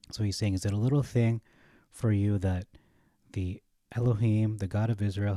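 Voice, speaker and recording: A man reading Bible verses aloud and commenting on them, thinking aloud, correcting himself and pausing on fillers. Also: lowish voice, warm tone, no echo, clean studio sound. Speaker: Bible study teacher.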